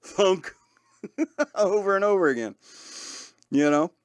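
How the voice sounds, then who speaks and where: A man's voice: a little high, lively intonation, normal speed, no echo. A man hosting a talk radio show, rambling in a casual monologue with lots of fillers and frequent laughs.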